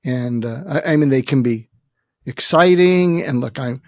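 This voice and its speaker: A man in his seventies, a psychiatrist guest, talking earnestly and haltingly in a reflective interview, emotional as he faces his own death. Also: mid-range voice, no echo, clean studio sound. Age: 70s. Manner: earnest, halting, many restarts and fillers.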